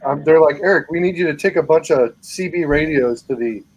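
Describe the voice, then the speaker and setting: Male co-host, slightly high voice, casual swearing raconteur. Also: a little fast, a little mellow, slight background noise, low-quality recording. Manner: swears a lot, rambling anecdotes. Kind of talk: casual chat, storytelling.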